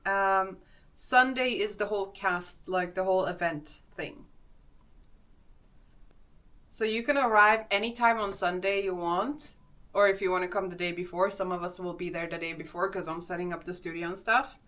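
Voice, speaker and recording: A woman's voice: mid-range voice, steady tone, normal speed, a bit bright. A young woman with a Swedish accent, chatting casually on a live stream, greeting viewers and laughing often.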